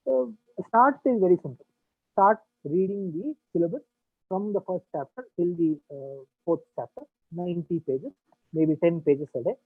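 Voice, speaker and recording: A man lectures a coaching class, walking through the material with many fillers and questions to his students. His voice is somewhat high and husky. It comes through a tinny, dry, phone-like line with faint music underneath. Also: normal speed, dry recording. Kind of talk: online lecture.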